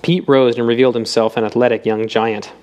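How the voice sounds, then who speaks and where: A man narrates an audiobook at a measured, even pace. His voice sits at an ordinary middle pitch. He reads steadily through the prose.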